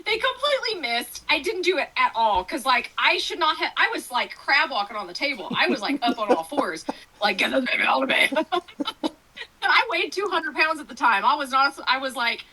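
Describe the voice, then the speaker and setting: A woman's voice: high-pitched, normal speed, poor audio. A woman guest author chatting in an interview, telling stories with lots of laughter and fillers. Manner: animated storytelling, laughing often, many fillers. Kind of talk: casual interview chat.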